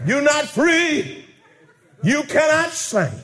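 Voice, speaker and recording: Man, preacher, sermon, fervent, swooping pitch, unhurried. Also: sing-song. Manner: fervent, chanting hymn lines, shouting.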